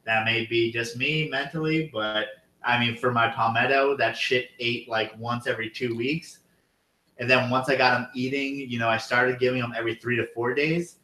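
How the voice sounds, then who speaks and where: A man co-hosting a podcast, talking casually with a relaxed, hedging manner. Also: mid-range voice, moderate pace, roomy sound, low-quality recording.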